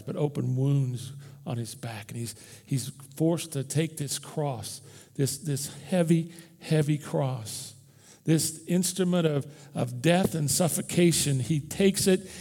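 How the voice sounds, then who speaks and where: A man preaching an Easter sermon as pastor, conversational and impassioned, swinging from loud bursts to hushed near-whispers. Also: medium pitch, creaky, in a large hall. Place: church.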